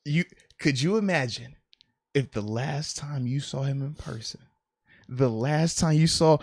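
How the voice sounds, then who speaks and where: A man's voice: mid-range voice, unhurried, no echo, clean studio sound. A man co-hosting a casual sports podcast, teasing and laughing often. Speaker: podcast co-host.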